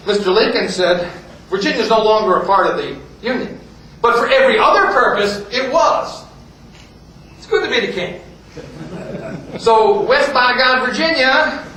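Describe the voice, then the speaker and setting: A man giving a folksy history talk, joking along with frequent restarts. His bright, fairly high voice bounces around a very echoey hall, picked up from far away over faint background hum. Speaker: speaker at a heritage group meeting.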